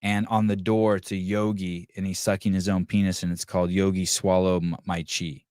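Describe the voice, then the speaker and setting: A man's voice: low-pitched, flat delivery, normal speed, darkish tone, clean tone, no echo, clean studio sound. A man hosting a podcast, ranting crudely and mocking people in whiny voices. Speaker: podcast host. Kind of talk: crude comedic rant to live chat.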